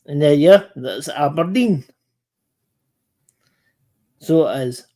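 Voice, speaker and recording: A man's voice: fairly high pitch, expressive, slow, dark tone. A British man hosting a casual chat, eager to jump in with his own comments and tips. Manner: chatty, eager interjections. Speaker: host.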